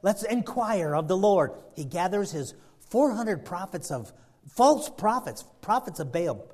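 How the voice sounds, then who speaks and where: Man, preacher, sermon, folksy storyteller, fairly high pitch. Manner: folksy, storytelling, many fillers and restarts.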